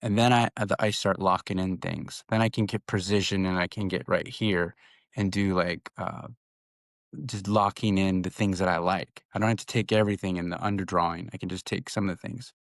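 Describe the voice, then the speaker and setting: A man's voice: low-pitched, fairly even intonation, brisk, no room sound, clean studio sound. A man in his thirties co-hosting a podcast, rambling through a story with many restarts. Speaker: podcast co-host. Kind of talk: casual chat.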